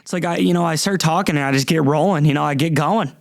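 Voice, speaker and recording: Rambling, gravelly young man, dry close sound. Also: fairly high pitch, fast talker, dry recording. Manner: rambling, self-interrupting, profane. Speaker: podcast host. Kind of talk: casual rambling monologue. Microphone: camera and computer at a desk.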